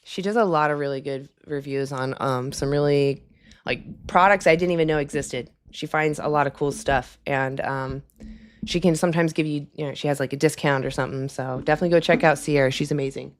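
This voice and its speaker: A woman's voice: low voice, fairly quick. A woman hosting a casual live stream at her desk at home, rambling with lots of fillers and chatty asides.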